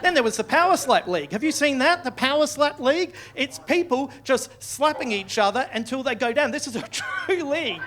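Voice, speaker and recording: A man's voice: very high voice, lively intonation, a little fast, hardly any pauses, a crowd in the background. A man with an Australian accent doing live stand-up, sardonic and swearing, turning mock-outraged. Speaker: stand-up comedian. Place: comedy club stage, live audience laughing.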